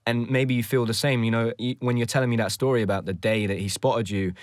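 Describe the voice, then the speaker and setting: A man's voice: mid-range voice, steady tone, fast, no echo. Conversational British male podcast host, dry sound. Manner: reflective, conversational questioning. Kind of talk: casual interview chat.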